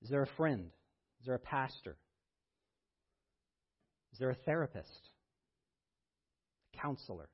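A man preaching a sermon as pastor, reading scripture with rising intensity and then talking in a low, quiet voice. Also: big pitch swings, unhurried, pauses often, slightly rough, highs cut off.

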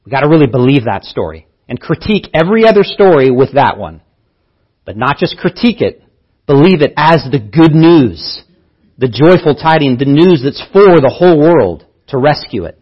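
A man's voice: on the high side, very animated, moderate pace, slightly rough, dull audio. A man preaching a sermon as pastor, teaching earnestly and repeating key phrases for emphasis.

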